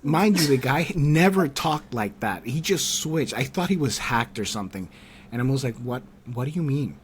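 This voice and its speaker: Animated male podcast host telling stories. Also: medium pitch, moderate pace, a little hiss or hum. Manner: animated storyteller, acts out quoted people in a raised voice; candid, swears casually. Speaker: podcast host interviewing a creator. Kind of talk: casual conversational interview.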